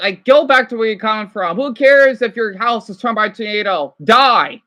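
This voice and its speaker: A man's voice: extremely high pitch, animated, normal speed, few pauses, bright, forceful tone, lo-fi sound. A man from Arizona reacting to a news clip, ranting heatedly with lots of swearing and rambling asides. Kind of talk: profane reaction rant.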